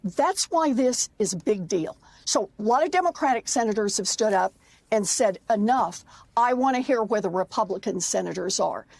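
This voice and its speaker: A woman speaking in a news commentary clip, her voice gravelly and husky at a middle pitch. She states points in a plain, matter-of-fact way. The sound is dry and close. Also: expressive, normal speed, a little mellow, no echo.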